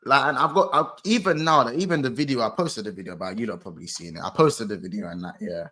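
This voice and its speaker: A man's voice: mid-range voice, fast talker, sharp tone. A man co-hosting a casual football chat, emphatic and repeating his points. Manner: emphatic, repetitive, slangy. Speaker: podcast co-host. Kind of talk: casual banter.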